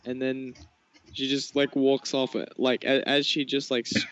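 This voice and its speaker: A man's voice: medium pitch, level tone, measured pace, fairly bright tone, smooth, highs cut off. A young man telling a story in casual podcast chat, rambling and filling it with "like". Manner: rambling storyteller, full of "like" and restarts. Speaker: podcast co-host.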